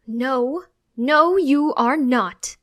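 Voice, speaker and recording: A woman's voice: on the high side, animated, a little slow. A woman voicing a loving, emotional mother who speaks in a tender, tearful way. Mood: reassuring.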